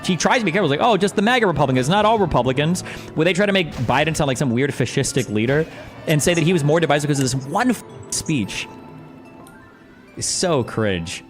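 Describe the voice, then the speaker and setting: A man's voice: fairly high pitch, a little fast, soft background music. A man streaming while he reacts to a video, ranting in a casual, sarcastic and profane way. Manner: animated, sarcastic, profane rants.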